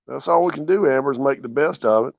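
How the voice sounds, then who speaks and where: A man, relaxed and chatty, hosting a casual livestream from his porch and greeting viewers by name. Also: mid-range voice, fast, gravelly, no echo. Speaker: channel host. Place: outdoors on a porch. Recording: dull, dry lo-fi sound.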